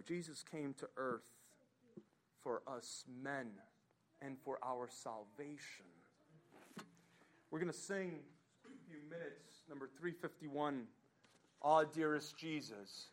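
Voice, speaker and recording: Slow, dramatic male preacher. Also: medium pitch, slight background noise. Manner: slow, dramatic preaching that swings from loud to hushed. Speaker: pastor. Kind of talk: sermon.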